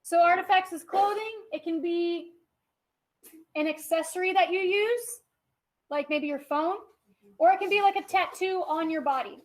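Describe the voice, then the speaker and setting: A woman's voice: very high voice, moderate pace, low-quality recording. A woman teacher giving a classroom lecture. She explains step by step, checks in often with "okay?" and is firm with chatty students.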